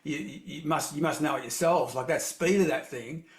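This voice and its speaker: A podcast host with a slightly high voice talks at a normal pace, chatty and rambling through long anecdotes in a casual interview. The room is echoey.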